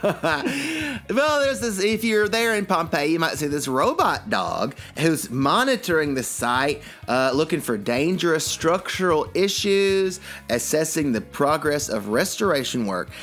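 A man co-hosting a radio show, trading animated, jokey banter. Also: fairly high pitch, measured pace, soft background music.

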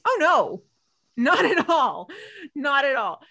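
Woman podcast co-host, casual recap, high voice that swoops around, animated. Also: takes it slowly. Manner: animated, laughs often, acts out characters' lines.

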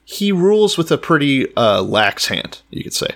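This podcast co-host speaks at a moderate pace in a gravelly, slightly high male voice. In a loose, profane chat, he animatedly paraphrases scripture in slang, doing voices and cursing without restraint.

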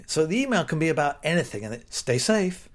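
A man's voice: a little high, very animated, fairly quick. A British man hosting his own podcast, talking casually and sarcastically, often slipping into quoted voices. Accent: British English. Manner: wry, sarcastic, chatty with mock-quoted voices. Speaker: podcast host. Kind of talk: casual solo podcast monologue.

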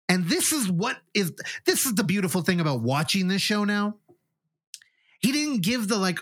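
A man's voice: sits high, moderate pace, no echo, studio quality. A man co-hosting a podcast, chatting casually and telling long, rambling stories full of acted-out reactions. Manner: animated, rambling storytelling with quoted reactions. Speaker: podcast co-host. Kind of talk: casual chat.

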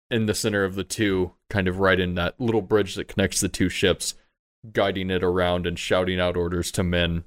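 A man's voice: low-pitched, dry recording. A man running a tabletop game as game master, narrating in a loose, casual way.

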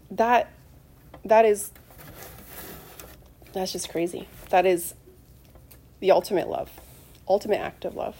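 A woman's voice: a little high, a little mellow. A middle-aged woman preaching a sermon in a heartfelt, conversational way, calling the congregation to answer amen. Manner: emotional, conversational, asks the congregation for amens.

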